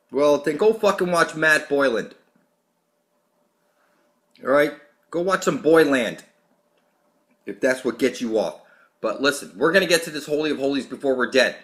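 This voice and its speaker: A man with a high-pitched voice hosts his own channel. He delivers a preachy rant that is aggressive and profane throughout. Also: a bit bright. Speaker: channel host. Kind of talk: ranting monologue to camera.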